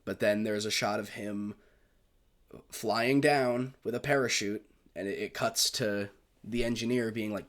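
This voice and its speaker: A man's voice: fairly low pitch, steady tone, a little slow. A man giving a casual film review monologue, gushing and rambling with frequent swearing.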